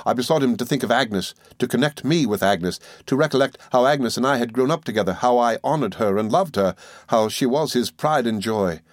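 A man reading a classic novel aloud in the first person, measured and earnest. His voice sits at an ordinary mid pitch, recorded close and dry with no room sound. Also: no echo. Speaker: audiobook narrator. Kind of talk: scripted first-person narration.

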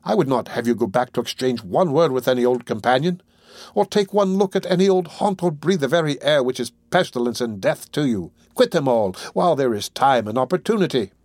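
A man voicing a kindly old gentleman in an audiobook reading, who speaks in a measured, formal and persuasive way. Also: mid-range voice, animated, dry recording, lightly acted. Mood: earnest. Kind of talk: audiobook character voice.

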